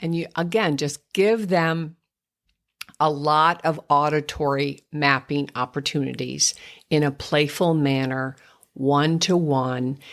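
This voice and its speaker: An older woman, a speech therapist hosting a podcast, patiently explaining to parents how to help toddlers speak clearly. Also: sits low. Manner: patient, explanatory, slips into exaggerated child-directed speech when modeling. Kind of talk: instructive podcast talk to parents.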